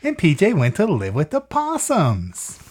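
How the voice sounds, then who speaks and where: Brief: lively picture-book reader, very expressive pitch, chats and asks the child questions. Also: a little slow, husky. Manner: chatty asides and questions to the listener. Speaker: storyteller reading to a child. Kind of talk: reading a picture book aloud.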